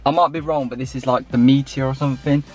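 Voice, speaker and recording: A man's voice: mid-range voice, fairly even intonation, fast, soft background music. A young man vlogging casually from his car, chatty and swearing freely as he talks to his viewers. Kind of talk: casual vlog while driving. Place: inside a car. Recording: clear car and road noise. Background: car and road noise.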